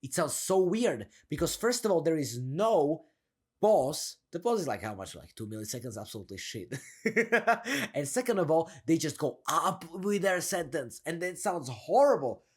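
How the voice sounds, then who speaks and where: There's a breathy edge to this young man's voice as he coaches casually, at a moderate pace, on projecting confidence. Energetic and slangy, he laughs often while modeling a deep, down-turned delivery.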